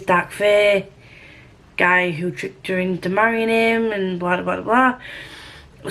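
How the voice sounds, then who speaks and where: A woman's voice: mid-range voice, fairly bright tone. A woman talking casually to camera at home about a book she is reading, rambling and self-deprecating with lots of fillers. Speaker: book vlogger.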